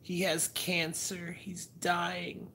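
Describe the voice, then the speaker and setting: A man putting on a high, whimpering voice for his sleepy wife talking in her sleep. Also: monotone, extremely slow, sharp tone, a little hiss or hum, heavily acted. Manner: high, mournful falsetto.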